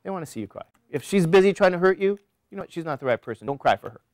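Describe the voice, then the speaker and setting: A man teaching a college class, talking straight to his students with lots of rhetorical questions and a preachy, animated delivery. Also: on the high side, very fast, no room sound. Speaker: college statistics instructor. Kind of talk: classroom lecture digression.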